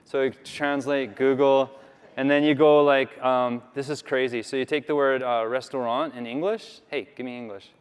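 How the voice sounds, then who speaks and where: A man from Canada gives a loose, filler-heavy conference talk with a live demo. His voice is smooth and clear, at an ordinary pitch. Long reverb from a large hall hangs on his words. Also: steady tone, normal speed. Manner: chatty, rambling, filler-heavy. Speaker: conference speaker.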